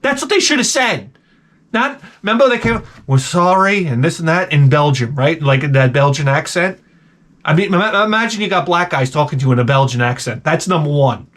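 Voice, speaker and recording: A man hosting an unboxing vlog, talking in an excitable, rambling way with frequent exclamations. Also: on the high side, fairly quick. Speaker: YouTube host.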